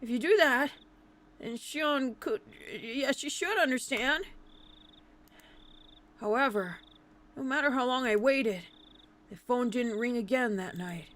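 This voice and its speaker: Woman narrating as a self-scolding teen boy for a visual novel dub. Slightly raised pitch, inner monologue. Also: animated, slow pace, pauses often, a bit bright. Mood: brooding.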